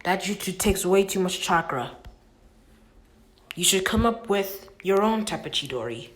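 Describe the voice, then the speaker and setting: A woman doing a calm ninja teacher. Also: mid-range voice, unhurried, natural voice, low-quality recording.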